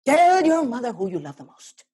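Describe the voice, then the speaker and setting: Woman doing a high, loud, bossy mother who guilt-trips, solo stage piece. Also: very animated, normal speed, husky. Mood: scolding. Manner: shrill, loud, demanding. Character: loud, guilt-tripping, scolding middle-aged mother.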